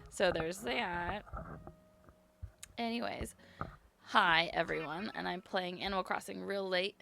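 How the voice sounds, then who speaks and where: A young woman streamer chatting casually and apologetically with her viewers from her bedroom at home, rambling from topic to topic in a brisk work voice. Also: on the low side, gravelly, pushed and bright. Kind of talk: casual live-stream chat.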